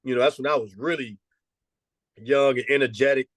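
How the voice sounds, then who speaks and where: A man in his fifties, a former college basketball head coach, telling lively stories and peppering them with "man" and "you know". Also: medium pitch, fairly quick, no room sound. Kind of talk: storytelling interview answers.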